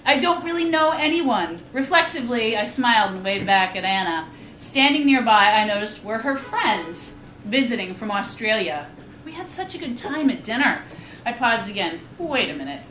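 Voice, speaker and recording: A woman's voice: on the high side, animated, moderate pace, fairly bright tone, a little hiss or hum. A woman in her fifties giving a live reading of her memoir, wry and candid, with frank asides, at a reading venue. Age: 50s. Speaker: reading series host and author. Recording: echoey room.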